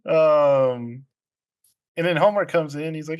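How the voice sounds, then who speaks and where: A man's voice: medium pitch, a little slow. Laid-back man recapping a film. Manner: rambling retelling with filler ums and laughs. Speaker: podcast co-host. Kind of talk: casual movie recap chat.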